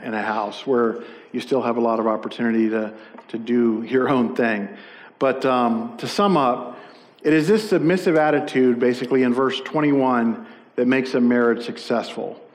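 A man's voice: medium pitch, in a large hall. A middle-aged man preaching a conversational sermon as a pastor, with frequent fillers and self-corrections.

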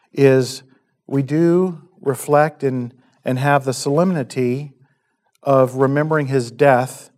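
A man preaching a communion sermon as pastor in a church, earnest and unhurried, with frequent ums and scripture read aloud. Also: medium pitch, darkish tone. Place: church sanctuary.

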